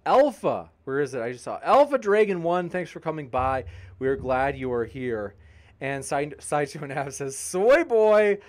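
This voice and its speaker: A man's voice: mid-range voice, expressive, normal speed. A man hosting a live debate stream, reading viewer comments aloud and answering them with upbeat, jokey banter. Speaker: debate channel host.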